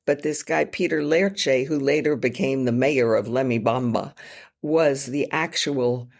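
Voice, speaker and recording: A woman author, a guest on a podcast, telling her travel stories in an animated, self-mocking way. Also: rumbling low, unhurried, gravelly. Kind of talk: storytelling in a podcast interview.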